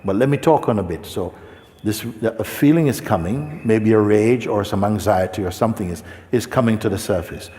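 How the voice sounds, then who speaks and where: A man speaking as a spiritual teacher, talking gently and unhurriedly to a seeker and often checking in with questions. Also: on the low side, moderate pace. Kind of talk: spiritual talk answering a seeker. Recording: long hall reverb.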